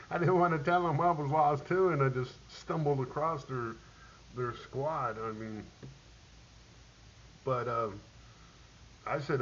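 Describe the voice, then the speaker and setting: Middle-aged man, animated war storyteller. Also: mid-range voice, measured pace, long pauses. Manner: animated, laughs often, acts out quoted voices. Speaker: military veteran telling war stories. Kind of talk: casual spoken storytelling. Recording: dull lo-fi recording with faint hiss.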